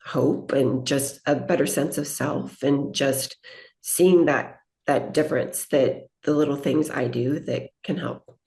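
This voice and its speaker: Woman nurse on a podcast, low voice, thoughtful heartfelt storytelling. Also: steady tone, slow, creaky, darkish tone. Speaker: guest, aesthetic nurse. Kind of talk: podcast interview.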